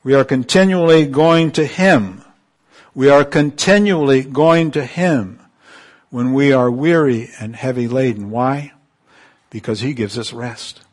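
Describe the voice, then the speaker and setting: A man preaching a sermon, calling on the congregation for amens and swinging from emphatic peaks to soft, quiet asides. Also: mid-range voice, unhurried. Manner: call-and-response, rising to emphatic peaks then dropping soft.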